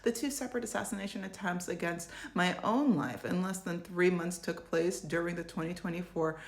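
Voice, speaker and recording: A young adult woman from the United States, a journalist giving casual video essay commentary with sarcastic, joking asides and big swings in pitch. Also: a little fast. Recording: echoey room.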